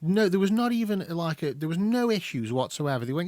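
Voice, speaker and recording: A man with an English accent co-hosting a podcast, chatting casually and acting out quotes in quick bursts. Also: high-pitched, sing-song, darkish tone, no echo. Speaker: podcast co-host. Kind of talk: casual chat.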